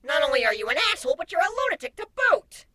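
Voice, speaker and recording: A man's voice: very high-pitched, big pitch swings, quick pace, bright, forceful tone, no room sound, studio quality, voice pushed up, full character voice. A man voicing a sarcastic male shapeshifter in a wry, mocking tone, in a storybook reading.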